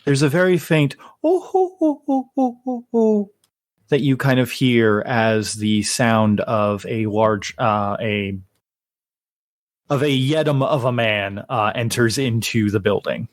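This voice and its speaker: A man narrating as game master, unhurried, with frequent fillers and self-corrections. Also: lowish voice, no room sound, studio quality.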